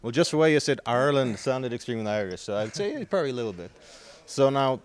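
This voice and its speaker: A man's voice: medium pitch, lively intonation, quick pace. A man in a middle voice interviews a fighter in a gym. He is chatty and asks long, winding questions. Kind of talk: casual sports interview. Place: sports gym.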